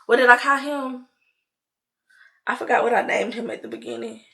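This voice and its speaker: A chatty young woman telling a storytime vlog, her voice on the high side and bright with an edge. She talks in a loose, animated way, with plenty of "like" and quotes she acts out. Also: moderate pace, creaky.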